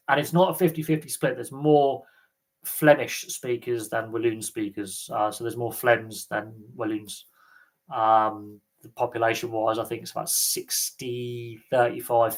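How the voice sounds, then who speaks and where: A man from Britain hosting a live sports Q&A stream, chatting casually and rambling with lots of ums and uhs. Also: mid-range voice. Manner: rambling, chatty, many fillers. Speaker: livestream host.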